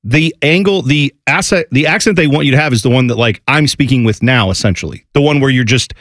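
Animated male co-host, close and dry. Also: mid-range voice, a little fast, dry recording. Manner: animated, slips into mimicked voices. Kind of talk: casual chat.

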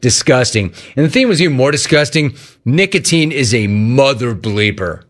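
A middle-aged man hosting a call-in radio show. His delivery is lively and swings all over his range as he rants. He mocks cheerful greetings in a high voice. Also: moderate pace. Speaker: sports radio host.

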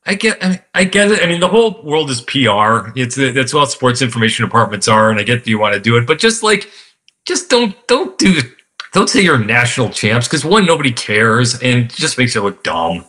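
A man's voice: mid-range voice, sing-song, fairly quick, pushed and bright. A man co-hosting a sports radio show, speaking emphatically and with many fillers. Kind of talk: casual sports talk.

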